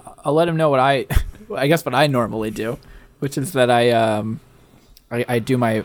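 Male co-host, gravelly voice, rambling, laughs mid-sentence. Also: medium pitch, fairly even intonation, fairly quick. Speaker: podcast co-host. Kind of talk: casual podcast chat.

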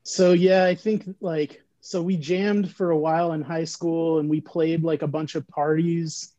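A man talks in a loose, rambling way, his voice a bit high and mellow. He fills his stories with "like" and "you know." The recording sounds slightly dull and lo-fi. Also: little pitch movement, measured pace. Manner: laid-back rambling storytelling, heavy use of "like". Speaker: band member recalling band history. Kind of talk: casual podcast chat.

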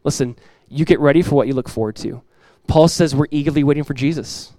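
A middle-aged man pastors his congregation in the church sanctuary, preaching fast in a slightly high voice, earnest and direct, with repeated key lines and lively impressions of everyday voices. There's no echo, but the recording is rough.

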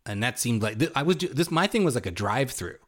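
A man's voice: mid-range voice, sing-song, fast, fairly bright tone. A man hosting a podcast, telling anecdotes in a wry, dry way. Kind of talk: casual chat.

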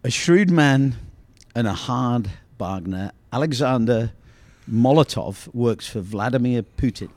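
A man's voice: mid-range voice, a little slow, few pauses, darkish tone, no echo. A man co-hosting a coaching podcast, reading jokes aloud and teasing his co-hosts in a playful way. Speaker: podcast co-host.

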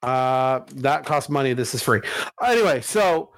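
A man's voice: medium pitch, animated, a little slow, dry recording. A man hosting a casual podcast chat, rambling and profane, with many restarts.

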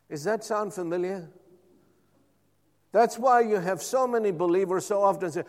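A man's voice: high voice, normal speed. A male pastor preaching a sermon, drawing the congregation in with repeated calls of "Amen?". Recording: long hall reverb.

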